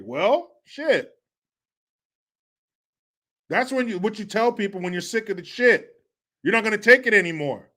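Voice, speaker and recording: Brief: male host, high-pitched voice, crude comedic rant, mocking and repetitive. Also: moderate pace, long pauses, a bit bright. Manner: riffing, mocking, repeats catchphrases. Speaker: commentary show host.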